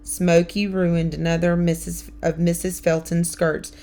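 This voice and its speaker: A woman's voice: fairly low pitch, flat delivery, a little slow, gravelly, mellow. A woman reading a storybook, voicing a small, timid little boy with a whimpering way of talking. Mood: worried.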